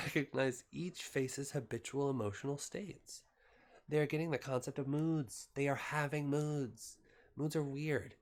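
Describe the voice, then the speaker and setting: A man casually reading a novel aloud as an amateur, relaxed and unpolished, pausing at times to recap the story in his own words. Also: mid-range voice. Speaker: amateur reader.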